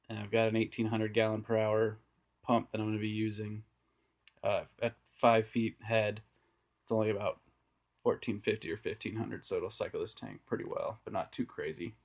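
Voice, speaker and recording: A fairly low, slightly mellow voice belongs to a young aquarium vlogger casually rambling through his tanks. He's in an indoor home room full of aquariums, filming on a phone he holds himself.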